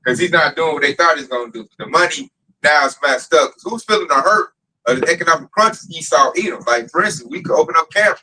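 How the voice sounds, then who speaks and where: A man leading a teaching in casual street talk, animated and building to a near shout. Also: on the high side, quick pace, recorded from a distance, rough recording. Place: outdoor camp gathering.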